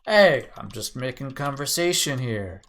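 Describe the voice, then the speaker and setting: A man's voice: medium pitch, animated, measured pace, a bit bright, slight background noise, voice pushed up. A man voicing a brash, flirtatious male half-orc townsman in a tabletop game, speaking in a pushy, overly friendly way. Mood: cocky. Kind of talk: tabletop role-play voice.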